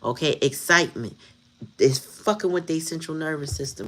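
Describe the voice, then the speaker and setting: Low-voiced blunt woman reading tarot. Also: animated, moderate pace, fairly bright tone, a little hiss or hum. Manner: blunt, profane, laughs often. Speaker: tarot reader.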